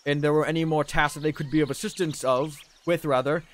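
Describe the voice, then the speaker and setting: A nervous, overly polite female envoy who stumbles through long, flowery appeals, as a man voices her. She is halting and deferential, pleading her case in very formal words. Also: a little high, fairly even intonation, lightly acted.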